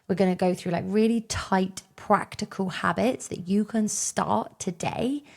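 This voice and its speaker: Woman in her 30s, solo podcast host, casual and upbeat, creaky texture, recorded outdoors. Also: mid-range voice. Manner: chatty and upbeat, lots of fillers. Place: outdoors on a hot, windy day.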